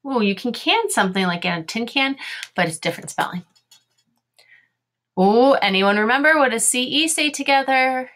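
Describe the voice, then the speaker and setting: A woman's voice: fairly high pitch, animated, moderate pace, a bit bright, slight background noise. A woman teaching a phonics video lesson, sounding out letters and syllables one by one and asking her young learners encouraging questions.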